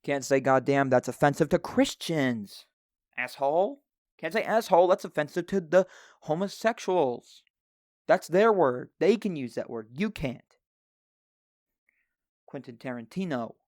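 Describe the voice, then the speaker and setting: A man hosting a podcast, going on a profane solo rant with a handheld microphone and jumping into loud, high-pitched outbursts. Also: a little slow, pauses often, no room sound, clean studio sound. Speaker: podcast co-host.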